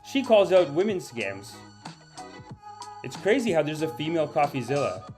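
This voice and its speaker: A man's voice: a little high, sing-song, normal speed, over music. A man hosting a comedic live-stream podcast, rambling and ironically boastful as he chats with viewers and reads their names.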